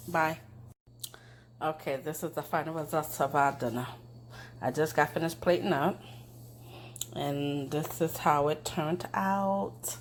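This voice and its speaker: Older woman, lower voice, homey cooking-show host chatting from her kitchen, faint noise behind. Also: low-quality recording. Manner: chatty and homey, with blessings and sign-offs. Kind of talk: casual cooking demonstration. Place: home kitchen.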